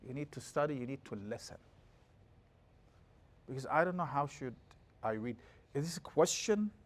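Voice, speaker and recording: Teaching religion to a class, a middle-aged man speaks in a fairly high voice, explaining lively and now and then slipping into brisk chanted passages of scripture.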